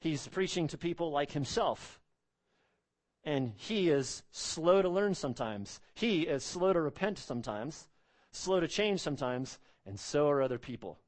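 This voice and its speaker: A man's voice: fairly high pitch, lively intonation, a little slow. A man preaching an expository sermon, emphatic, repeating phrases and asking rhetorical questions.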